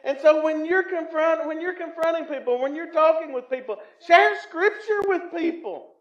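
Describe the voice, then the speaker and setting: A Southern American man preaching a sermon as pastor, swinging from loud emphatic lines to quiet, low asides, in a church sanctuary. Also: moderate pace. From Tennessee. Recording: echoey, slightly muffled church recording.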